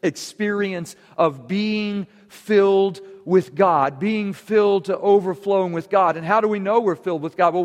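Man preaching in a reverberant church. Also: a little high. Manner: earnest preaching with emphatic rises. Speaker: pastor. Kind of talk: sermon. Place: church sanctuary.

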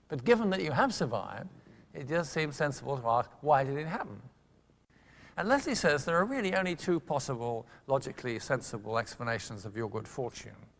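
Older man lecturing, very lively pitch. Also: a little hiss or hum. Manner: storytelling, lively emphasis, self-interrupting asides. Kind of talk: public lecture. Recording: long hall reverb.

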